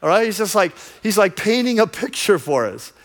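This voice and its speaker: Male pastor, higher-pitched voice, casual enthusiastic sermon delivery with vivid storytelling. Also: very animated, normal speed.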